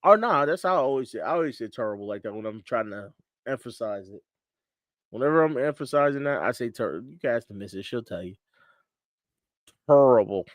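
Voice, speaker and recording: A man's voice: medium pitch, animated, quick pace, no echo, studio quality. A man from Connecticut hosting a casual sports chat show, laid-back and repeating himself, laughing often. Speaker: podcast host. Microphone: studio mic on a livestream.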